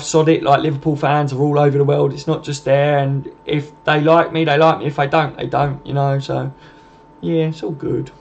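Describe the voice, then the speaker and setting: On a muffled recording, a man with a fairly high, slightly mellow voice hosts a casual live stream. He has a southern English accent and answers viewers' comments in a rambling, matey manner, peppering his talk with "mate" and "and that."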